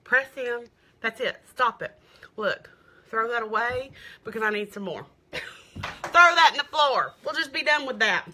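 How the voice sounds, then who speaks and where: A middle-aged woman with a drawl runs a live makeup demo, selling as she goes. Her voice sits a little high and rings bright and forceful. She chats and gushes, greeting her viewers by name. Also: animated, measured pace. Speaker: makeup seller.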